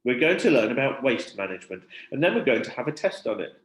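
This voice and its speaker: A man voicing a brisk female primary school teacher in a raised, bright tone. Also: medium pitch, very animated, close to an everyday voice. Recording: roomy echo.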